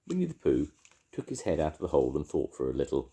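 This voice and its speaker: An older man reading a children's story aloud in an expressive, lilting way. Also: very deep voice, fast.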